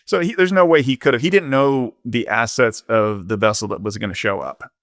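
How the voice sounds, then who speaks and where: A man's voice: mid-range voice, a little fast, fairly bright tone, no echo, clean studio sound. A man, a podcast guest, telling an ocean-rowing story candidly, rambling with lots of fillers. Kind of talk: casual storytelling interview.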